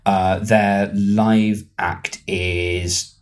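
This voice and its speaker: A man's voice: lowish voice, level tone, very slow. A man hosting a casual podcast chat, rambling and self-mocking, with many ums and restarts. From England. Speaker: podcast host.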